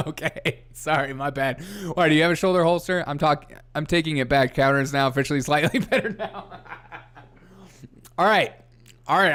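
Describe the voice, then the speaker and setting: A man with a somewhat high voice hosts a casual comedy news livestream. He rambles from one thought to the next, laughs often, and answers the chat aloud. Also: a bit bright. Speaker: host.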